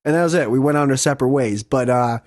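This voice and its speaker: A young man hosting a podcast, telling a story in a casual, excitable way, swearing and laughing often. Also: medium pitch, fast talker, no echo, clean studio sound. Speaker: podcast host.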